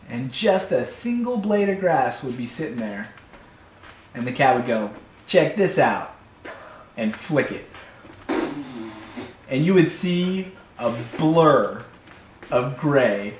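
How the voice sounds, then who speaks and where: A man telling a comic personal story in an animated, playful way, recorded in an echoey room. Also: medium pitch. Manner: animated, playful, builds to shouts. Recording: echoey room, faint hum.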